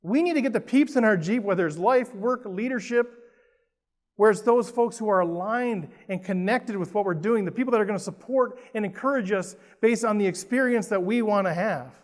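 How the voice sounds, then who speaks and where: A middle-aged Minnesotan man with a rather high voice delivers a lively motivational talk from a conference stage and keeps turning questions to the crowd. His voice carries a long reverb from the big hall. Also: fairly quick. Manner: lively and playful, asks the audience questions. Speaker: keynote speaker. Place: large conference hall with an audience.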